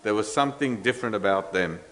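Earnest male preacher, emphatic and halting. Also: fairly low pitch, fairly bright tone, slight background noise. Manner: earnest, emphatic, many fillers and restarts; asks the congregation rhetorical questions. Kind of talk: expository sermon.

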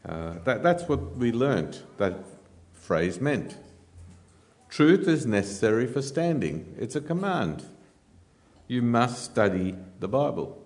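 A man preaching a sermon, teaching in a measured way with frequent "uh" fillers and dry humour. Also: medium pitch, big pitch swings, darkish tone.

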